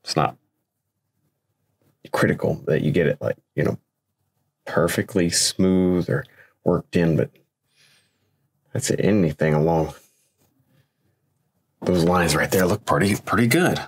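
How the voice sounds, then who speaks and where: A man with a low, slightly husky voice teaches landscape painting in a loose, easygoing way. He muses over each stroke and cheers on the viewer. The sound is close and dry. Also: takes it slowly, pauses often, no echo. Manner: relaxed, thinks aloud, encouraging. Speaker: painting instructor. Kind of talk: casual painting demonstration.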